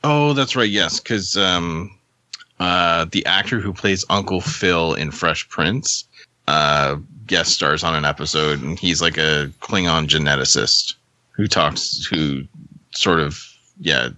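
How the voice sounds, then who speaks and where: A man co-hosting a podcast, chatting casually over a remote call, halting and often laughing. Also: low voice, pushed and bright, no room sound. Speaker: podcast co-host. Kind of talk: casual group chat on a call. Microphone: own mic on a remote call.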